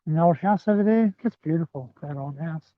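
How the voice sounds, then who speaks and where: This walker has a fairly high pitch and talks a little fast, streaming live from his handheld phone on a rural rail trail. He rambles chattily to his "guys" throughout the vlog. The recording is dry and sounds thin, like a phone.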